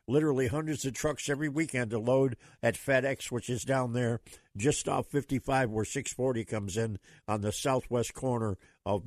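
A man's voice: medium pitch, no room sound, studio quality. A man hosting a late-night talk radio show for truckers, talking in a folksy, rambling way with plenty of fillers.

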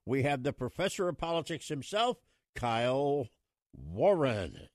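A man hosting a talk radio show, folksy and emphatic, rambling through shout-outs and opinions. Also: mid-range voice, sing-song, unhurried, very noisy.

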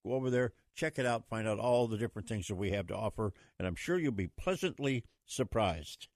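A man hosting a talk radio show, folksy and emphatic, prone to rambling. His voice sits in a middle pitch and the recording is dry and close. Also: expressive, a little fast, few pauses, no echo.

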